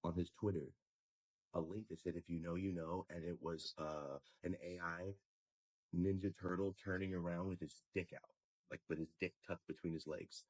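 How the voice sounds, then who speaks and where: A man's voice: low voice, little pitch movement, normal speed, a little mellow, rough recording. A man retelling a dispute in an exasperated storytelling rant, acting out the lines of others. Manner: exasperated, acts out quoted lines.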